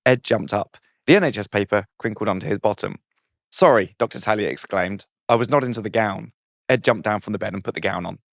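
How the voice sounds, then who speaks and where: A man's voice: on the low side, fast, vocal fry, no echo, studio quality. A man, a comedian, reading out his saucy comic story with a playful manner, often laughing at his own jokes.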